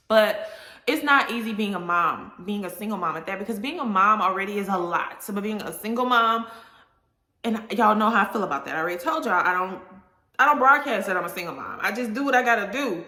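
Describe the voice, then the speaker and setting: A woman's voice: medium pitch, expressive, fairly quick, sharp tone. Candid woman vlogging in an echoey room. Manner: candid, emotional, talks straight to viewers. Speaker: vlogger and content creator. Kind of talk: candid casual vlog talk.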